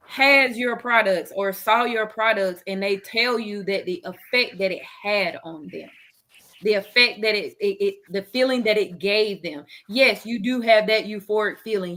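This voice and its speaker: A woman's voice: mid-range voice, fairly bright tone. A woman speaking earnestly on a radio talk panel, rambling with many fillers as she explains her views. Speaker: panelist, runs a charity dress program.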